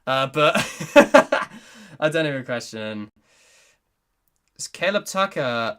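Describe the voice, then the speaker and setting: A young adult man, a YouTuber and voice actor, hosts a casual livestream Q&A, reading chat and rambling with frequent giggles and many restarted sentences. His medium-pitched, fairly bright voice swings widely in pitch, and he speaks slowly, pausing often.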